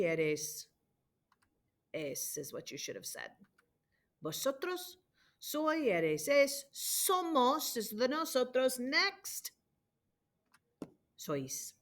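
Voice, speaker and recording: A woman's voice: high-pitched, big pitch swings, drawn-out words, long pauses. Woman, language teacher, patient, repeats forms aloud, homework walkthrough, computer mic. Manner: patient, drilling conjugations aloud. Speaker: Spanish teacher.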